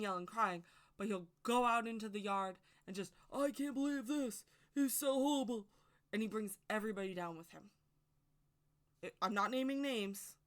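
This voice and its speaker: A woman's voice: medium pitch, a bit bright, clear, resonant tone. A woman giving a casual, rambling opinion monologue to camera as a witchcraft video creator, speaking emphatically and straight to her viewers.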